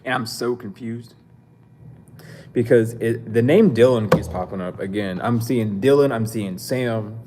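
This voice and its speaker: A man talks straight to the camera in a casual spiritual reading, scolding and blunt, full of profanity and slang. His voice sits at an ordinary middle pitch for a man. A faint hiss of noise runs under the recording. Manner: animated and scolding, with quick laughs. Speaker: spiritual reader.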